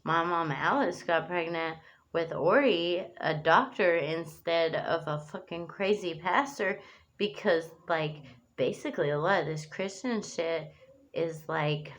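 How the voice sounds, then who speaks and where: A woman's voice: fairly low pitch, measured pace. A woman in an angry, rambling monologue to camera, swearing often and restarting her phrases.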